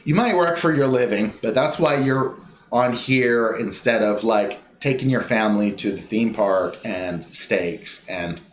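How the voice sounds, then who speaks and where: A man delivering a rambling, scornful ranting monologue, mocking other people in quick put-on impressions. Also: lowish voice, slight background noise. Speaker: commentator. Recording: echoey room with faint ambience.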